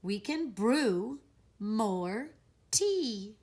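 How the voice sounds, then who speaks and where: A woman voicing a small, kind mouse in a squeaky voice. She is reading a picture book aloud to children. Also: expressive, extremely slow, a little mellow, heavily acted. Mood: soothing.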